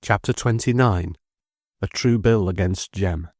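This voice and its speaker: Male audiobook narrator, low and dry, measured classic-novel reading. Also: a little mellow, no room sound. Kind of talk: scripted narration.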